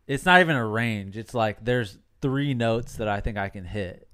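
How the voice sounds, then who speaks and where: A man's voice: fairly low pitch, normal speed, bright, forceful tone, clean tone, no room sound, studio quality. A young man co-hosting a podcast, chatting casually and rambling with restarts, running himself down. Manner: self-deprecating, rambling with many restarts. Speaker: podcast co-host. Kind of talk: casual chat.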